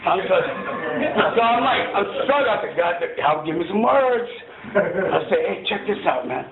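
Gravelly man telling a recovery story. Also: high-pitched, measured pace, a crowd in the background. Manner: animated, swearing, storytelling with repeated "right?". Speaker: recovery meeting speaker. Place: meeting hall. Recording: echoey hall over a tinny phone-like line.

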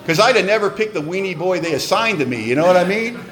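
A man sharing his story at a recovery meeting, animated and joking in a wry way. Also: sits high, fast, soft background music.

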